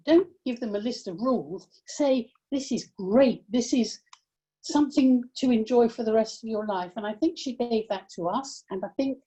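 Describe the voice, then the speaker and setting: A woman's voice: on the high side, warm tone, slightly rough. An older woman from England, a guest telling heartfelt family stories in a reflective way that often stops and restarts. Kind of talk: personal storytelling.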